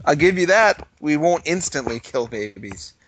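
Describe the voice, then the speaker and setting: A man co-hosting a podcast, reacting with incredulous, drawn-out remarks in casual banter. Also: fairly high pitch, animated, fairly bright tone, slight background noise. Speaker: podcast co-host.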